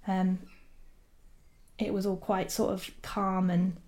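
A woman's voice: mid-range voice, flat delivery, slow, darkish tone. A woman, a documentary filmmaker, telling a story casually with many fillers and frequent laughs.

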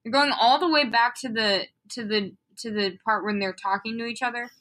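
A woman's voice: a little high, steady tone, normal speed, fairly bright tone. A young woman co-hosting a casual comedy show, reading fan fiction aloud with swearing and dramatic flair. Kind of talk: casual comedic read-along.

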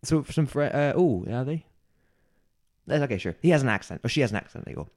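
Talking fast in a mid-range voice, this podcast co-host narrates a story in a relaxed chat. He performs the quoted lines of the people involved and breaks into laughter frequently.

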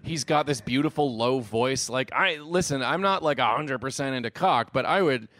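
A man co-hosting a podcast, talking excitedly about films, swearing often and laughing a lot. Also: medium pitch, normal speed, no echo, studio quality. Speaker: podcast co-host. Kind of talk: casual podcast chat.

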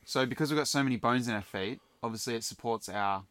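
A man's voice: medium pitch, fast talker, fairly bright tone. A man co-hosting a casual podcast, upbeat as he presents a trivia segment. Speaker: podcast co-host. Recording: noisy podcast recording.

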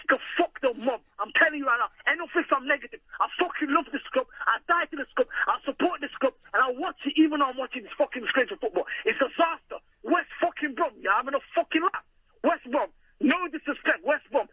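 A man's voice: very high voice, no echo, muffled recording. An upset man, ranting as a caller on a phone-in show, repetitive, swearing and close to tears. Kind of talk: angry fan phone-in rant.

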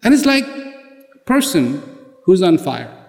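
A man's voice: high-pitched, big pitch swings, takes it slowly, vocal fry, a little mellow. A man giving a motivational speech, building his points with rhetorical questions, repeated words and acted-out exchanges. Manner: emphatic, repeats key words. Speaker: public speaker. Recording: echoey hall reverb.

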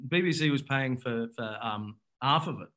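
Medium in pitch with a fairly bright tone, a male guest shares an anecdote in relaxed chat. His telling is rambling and self-interrupting, full of restarts, and he laughs readily.

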